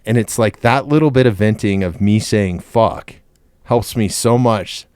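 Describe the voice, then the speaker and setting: A man's voice: lowish voice, a little slow, darkish tone, clear, resonant tone, no room sound. A man hosting a podcast, chatting in a laid-back way and calling his guest dude. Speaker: podcast host. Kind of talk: casual podcast chat.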